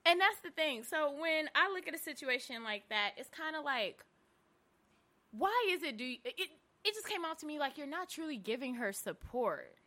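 A woman co-hosting a podcast, chatting casually in slangy, animated fashion and laughing often. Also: sits high, normal speed. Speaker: podcast co-host. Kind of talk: casual gossip chat.

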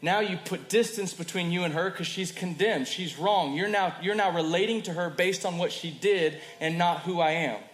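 A man preaching a sermon in a conversational way, moving between loud emphasis and soft, quiet passages. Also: sits high, normal speed, few pauses. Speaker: pastor. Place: church hall. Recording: roomy hall with faint ambience.

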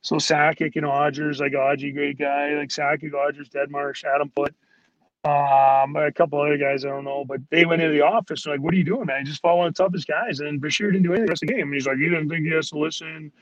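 A man's voice: fairly high pitch, flat delivery, a little fast, muffled recording. A man who played pro hockey, a guest telling stories in a rambling way, full of "like"s and acted-out quotes of teammates. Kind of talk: casual storytelling.

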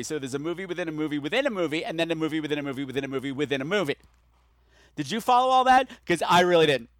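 Excitable rambling podcast host, a man. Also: on the high side, no room sound. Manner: rambling and excitable, swings between muttering and yelling. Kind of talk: casual solo movie review. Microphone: podcast microphone.

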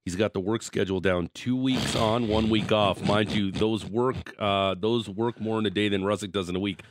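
A man's voice: fairly low pitch, fairly even intonation, moderate pace, a little hiss or hum. A man from Ontario co-hosting a sports radio show, joking and mocking himself in loose, filler-heavy banter. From Ontario, Canada.

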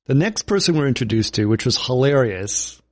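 A man's voice: mid-range voice, big pitch swings, fairly quick, no room sound. A man casually retelling film scenes as a podcast co-host, rambling and laughing, on a call mic.

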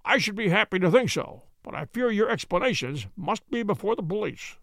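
A man voicing a calm, assured gentleman detective who speaks in a dry, measured, stern way, read from a storybook. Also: sits high, gravelly, no room sound, exaggerated voice.

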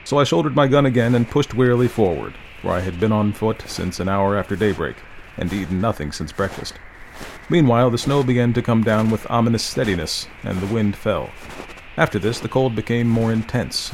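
A man narrating a Victorian ghost story in a measured, dramatic reading style. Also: lowish voice, gravelly, slight background noise, low-quality recording. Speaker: audiobook narrator.

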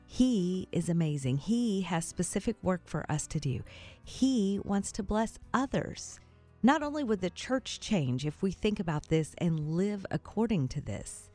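A woman with a Southern US accent hosting a Christian morning radio show, animated and often laughing. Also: on the low side. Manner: animated and laughing, reads devotionals. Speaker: radio host.

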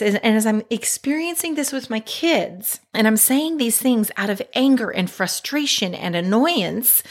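A middle-aged woman, a mother and life coach, candidly telling a personal story in a reflective, conversational way. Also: mid-range voice. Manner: candid, self-reflective, conversational with frequent "right?" and "like".

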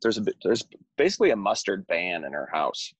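Husky, low-voiced man chatting from his car. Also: very animated, brisk, dry recording. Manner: easygoing, laughing, rambling chat. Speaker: podcast co-host. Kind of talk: casual chat. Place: parked car.

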